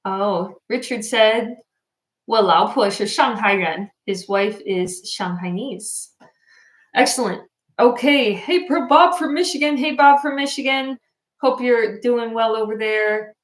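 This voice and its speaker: A woman's voice: a little high, takes it slowly. Tired chatty woman livestreaming in an echoey room. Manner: chatty, laughing, reading out viewer comments. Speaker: livestream host. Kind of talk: casual livestream chat. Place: home in Japan.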